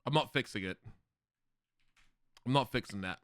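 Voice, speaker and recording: Australian man, streamer, swears a lot, excitable, dry close sound, bright tone. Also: mid-range voice, moderate pace, dry recording. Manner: loud, profane and excitable, swears freely. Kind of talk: casual live-stream chat with viewers.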